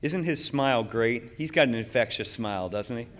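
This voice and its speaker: A middle-aged man giving a conference keynote in a folksy, joking and energetic way. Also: mid-range voice, normal speed, slight background noise. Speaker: keynote speaker. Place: conference hall. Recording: long hall reverb.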